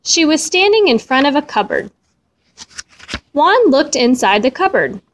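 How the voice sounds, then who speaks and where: A woman reading a children's storybook aloud in a slow, expressive way. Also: high-pitched, a little hiss or hum.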